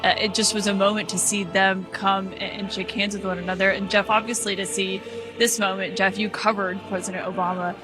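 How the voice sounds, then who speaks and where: A woman reporting live news in a halting, hesitant way. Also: mid-range voice, little pitch movement, over music. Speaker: news correspondent.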